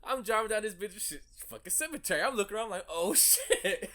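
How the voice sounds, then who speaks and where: A man's voice: high voice, lively intonation, quick pace, sharp tone. A young man hosting a podcast, telling a story in a casual, profane way and laughing through it. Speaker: podcast host.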